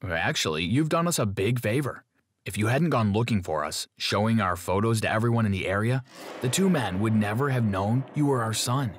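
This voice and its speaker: A man voicing a calm father who is a secret agent in an animated story, explaining steadily. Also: lowish voice, brisk, a little hiss or hum, natural voice.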